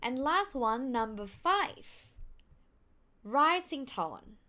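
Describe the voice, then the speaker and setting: A young woman with a Thai accent teaching pronunciation, acting out sounds with big swings in pitch. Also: big pitch swings, very slow, sharp tone. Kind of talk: pronunciation lesson.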